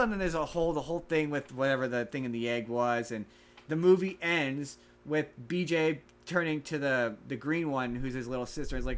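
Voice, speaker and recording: A man's voice: fairly high pitch, animated, fairly quick, a bit bright. A man hosting a casual podcast, animatedly retelling a story and acting out the characters' lines. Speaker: podcast host.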